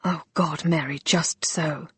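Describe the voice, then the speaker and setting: A woman reading an audiobook, voicing a teasing, tender young man with a low, slow, intimate delivery. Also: lively intonation, darkish tone, slightly rough, no echo. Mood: breathless.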